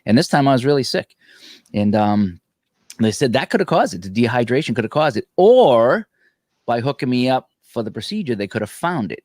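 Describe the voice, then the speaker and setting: Animated storytelling man, dry sound. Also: medium pitch, fairly quick, no room sound. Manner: animated, laughing, acts out other people's lines. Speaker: podcast co-host. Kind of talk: casual storytelling chat.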